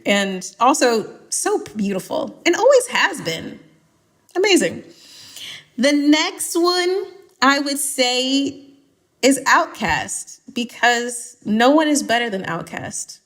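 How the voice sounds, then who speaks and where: A woman's voice: fairly high pitch, fairly bright tone. A young woman from Atlanta, a podcast guest chatting casually and emphatically, laughing often as she gives strong opinions. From Atlanta, United States.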